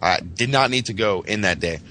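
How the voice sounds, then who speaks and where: Low-voiced man telling a profane story. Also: lively intonation, fairly quick, bright, forceful tone, slight background noise. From Massachusetts. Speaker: podcast host. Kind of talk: casual podcast storytelling.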